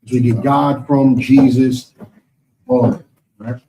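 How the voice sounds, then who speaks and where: A man's voice: mid-range voice, steady tone, unhurried, dark tone, distant mic, a little hiss or hum, poor audio. A man with an American accent teaching and answering questions in a preaching session, emphatic and rhetorical, often asking "you understand?".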